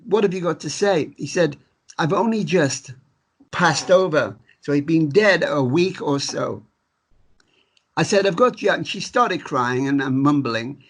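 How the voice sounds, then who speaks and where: A medium in conversation, a man whose voice sits a bit higher than most men's. He tells his stories in a meandering, chatty way, stumbling over repeated words and breaking into small laughs. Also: lively intonation, unhurried, a bit bright. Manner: rambling, restarts phrases, chuckles while telling stories. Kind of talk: conversational storytelling interview.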